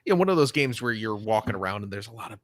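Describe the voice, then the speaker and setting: A man's voice: on the low side, sing-song, racing, fairly bright tone, dry recording. Midwestern guy rambling on a game podcast, lots of fillers, dry close sound. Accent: Midwestern American. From American Midwest. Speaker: podcast co-host. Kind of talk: casual chat.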